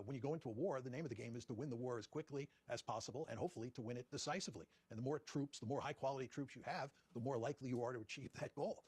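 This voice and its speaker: A man, a professor being interviewed, giving measured, deliberate answers and repeating his key points. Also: medium pitch, a little mellow, husky, no room sound. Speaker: guest professor.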